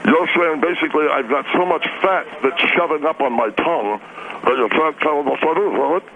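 A man's voice: on the high side, moderate pace, gravelly, phone-quality sound, slight background noise. A man voicing a heavyset male chef who mumbles thick-tongued, stammers defensively and trails off, in a radio comedy sketch.

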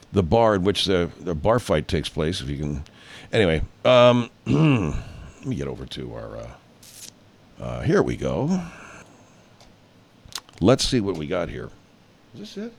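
A male show host in a studio, rambling through a casual, profane pre-show monologue full of fillers. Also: sits low.

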